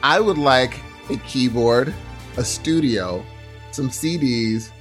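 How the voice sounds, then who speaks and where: A man playing a twelve-year-old boy in an improvised comedy role-play, answering in a polite, formal, deadpan way in his own deep voice. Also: takes it slowly, soft background music, close to an everyday voice.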